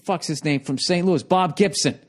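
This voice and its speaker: A middle-aged man rambles through a casual podcast monologue. He swears freely and keeps breaking into quick impressions of the people he talks about. His voice sits slightly above the usual male range. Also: a little high. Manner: profane, rambling, mimics people in goofy voices. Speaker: podcast host.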